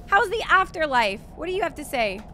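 A woman's voice: high-pitched, very animated, fairly quick, bright, forceful tone, slight background noise. A young woman giving playful let's play commentary as she games. She reacts with theatrical outbursts and mock grief. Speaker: gaming streamer. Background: game music and gunfire.

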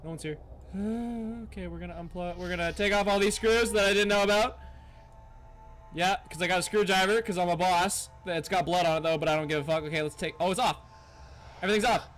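Jumpy high-voiced man playing a horror game. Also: fairly quick, faint music behind. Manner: jumpy and excitable, swearing, yelling at the game; mutters to himself, reads on-screen text aloud. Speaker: gaming YouTuber. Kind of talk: horror game let's play commentary.

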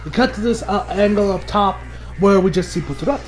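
A man giving a casual, animated episode recap, often laughing and acting out the characters' lines. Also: high-pitched, brisk, soft background music. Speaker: anime reviewer.

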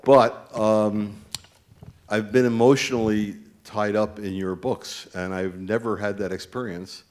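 A man's voice: on the low side, steady tone, measured pace, a little mellow. A man from New Jersey speaking from the audience at a book event, earnest and rambling, with many fillers. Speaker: audience member.

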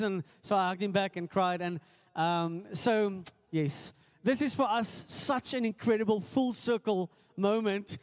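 In an echoey church hall with long reverb, a male South African pastor with a high voice opens the service with a welcome and announcements. His speech is halting and filler-heavy, and he drops self-deprecating jokes along the way.

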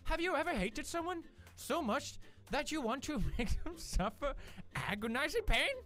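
A man putting on a loud, excitable young Irish man's voice, with over-the-top shouted greetings. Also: extremely high pitch, moderate pace, soft background music, voice pushed up. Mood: mocking. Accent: put-on Irish.

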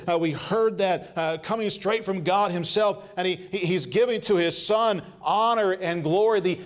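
Speaking in a high register, a male pastor gives a heartfelt sermon. Fillers and restarted phrases break up his delivery, and he slows whenever he quotes scripture.

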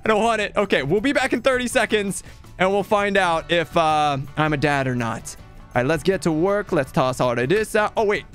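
A man's voice: high voice, lively intonation, normal speed, a bit bright, faint music behind. A young man from Canada giving playful, dramatic comedic commentary while playing a video game. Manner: playful, dramatic, jokey with frequent laughs. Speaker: gaming YouTuber.

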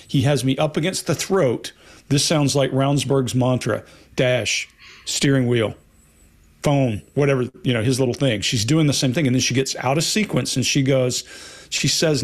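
A man commenting on a panel, blunt and emphatic, repeating his key points. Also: medium pitch.

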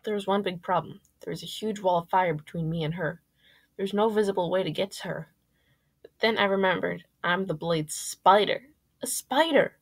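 A woman reading her first-person fan fiction aloud, lively and jumping up on exclamations. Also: lowish voice, fairly quick.

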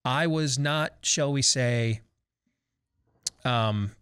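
A man hosting a political talk panel, sardonic and prone to halting restarts. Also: mid-range voice, fairly bright tone, clean tone, no room sound, clean studio sound. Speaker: talk show host. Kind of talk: panel discussion.

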